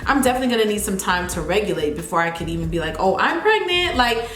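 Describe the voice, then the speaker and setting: A young woman chatting casually while doing her makeup, retelling a story and acting out the people in it with lively repeated phrases. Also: very fast, roomy sound. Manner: animated, acts out quotes with big pitch jumps, repeats phrases. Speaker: beauty vlogger. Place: home, near a running refrigerator.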